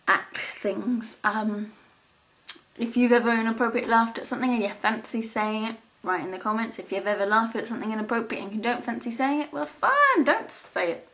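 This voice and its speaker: A woman's voice: mid-range voice, fairly bright tone. A young woman vlogging, chatting casually in a rambling, giggly way with many ums and restarts. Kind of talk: casual chat to camera.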